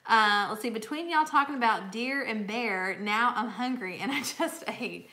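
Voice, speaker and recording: A chatty woman co-hosts a live stream. Her voice is bright and a little high. She talks in a friendly way and reads viewer comments aloud. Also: normal speed. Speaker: co-host. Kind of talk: casual live-stream chat.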